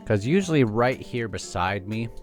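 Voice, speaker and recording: A man's voice: fairly low pitch, expressive, normal speed, over music. A man hosting a casual chapter discussion of a novel, talking in a chatty, rambling way with frequent restarts. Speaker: book discussion host.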